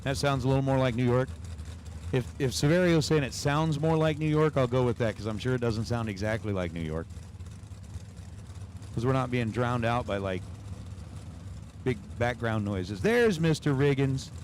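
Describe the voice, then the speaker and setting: A man's voice: medium pitch, normal speed, long pauses, darkish tone, slight background noise. A man announcing drag races on a livestream, calling numbers and chatting with viewers between runs. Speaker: race announcer. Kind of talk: livestream race commentary with chat.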